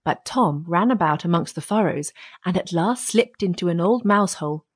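Husky-voiced woman reading a fairy tale. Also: lowish voice, moderate pace. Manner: steady storytelling. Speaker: audiobook narrator. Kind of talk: scripted fairy-tale narration.

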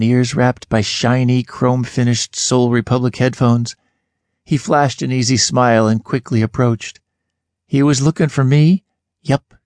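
A man reads an audiobook in a first-person voice, expressive and lively, jumping up in pitch whenever he asks a question. His voice sits in the middle range, and the close studio sound is dry and direct. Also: no echo. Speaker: audiobook narrator. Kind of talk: scripted first-person narration.

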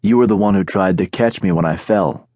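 A man voicing a wary, parched male captive with a rasping voice, in an audiobook. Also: low-pitched, fairly quick, warm tone, dry recording, studio quality.

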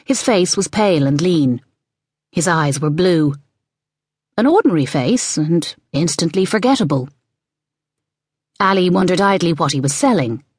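Expressive female audiobook narrator; lower voice, dry studio sound. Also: normal speed, pauses often, husky, no room sound. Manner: expressive storytelling. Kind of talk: scripted narration.

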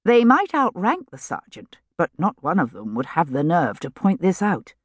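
Woman narrating an audiobook, low and dry. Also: wildly swooping pitch, moderate pace, breathy edge, dry recording. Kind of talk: scripted narration. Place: recording studio.

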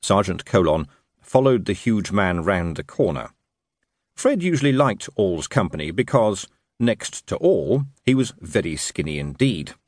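A man narrating an audiobook with an expressive, lively reading. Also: sits low, unhurried, dry recording, studio quality. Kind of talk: scripted storybook narration.

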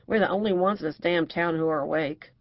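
A woman's voice: on the low side, brisk, dry recording, muffled recording, close to an everyday voice. A woman narrator voicing a brassy, outspoken middle-aged divorcée who talks bluntly and crudely.

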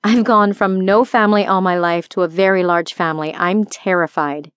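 A woman's voice: lowish voice, steady tone, moderate pace, clean tone, no echo, lightly acted. A woman voicing a frank, guarded half-demon succubus heroine in an audiobook. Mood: wary. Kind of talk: audiobook character voice.

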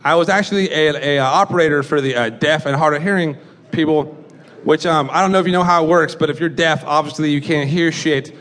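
High-voiced profane young stand-up comic. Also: male voice, a little fast, fairly bright tone. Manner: rambling, profane, laughing at his own jokes. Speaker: stand-up comedian. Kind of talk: stand-up comedy set. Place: comedy club stage. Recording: live club recording with audience noise. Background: audience laughter and chatter.

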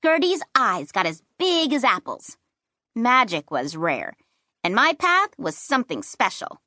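A woman narrating a children's fantasy book in first person, with playful and expressive storytelling. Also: on the high side, a little slow, dry recording, studio quality. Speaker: audiobook narrator.

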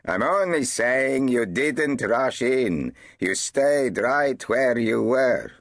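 A man's voice: medium pitch, takes it slowly, no echo, studio quality, voice pushed up. A man doing Ahmed, a contrary onlooker. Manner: flatly objecting.

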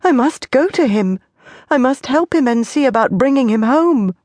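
A woman's voice: high voice, animated, normal speed, darkish tone, dry recording, pitched above the performer's own voice. A woman voicing a young village mother in a storybook, tender and anguished. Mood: urgent.

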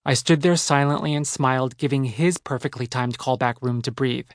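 A man's voice: mid-range voice, normal speed, dry recording. A man narrating his own memoir in a wry, conversational storytelling manner, close to the mic in a recording booth. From New Jersey. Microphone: close studio mic.

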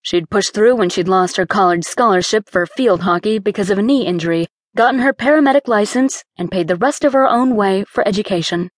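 A woman's voice: mid-range voice, fairly quick, few pauses, dry recording. Woman narrating an audiobook, dry sound. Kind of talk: scripted narration.

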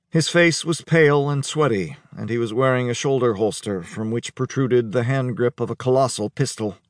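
A man narrating a crime thriller audiobook in a measured, even storytelling voice of medium pitch. The recording is dry and close, with no room sound. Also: dry recording. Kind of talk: scripted narration. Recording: dry studio, close mic.

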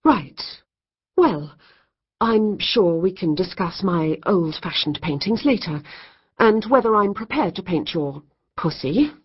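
A woman's voice: on the low side, animated, takes it slowly, slightly rough, muffled recording, voice pushed up, exaggerated voice. A woman voicing a cross, flustered young woman painter in an audiobook. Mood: indignant. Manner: indignant, flustered.

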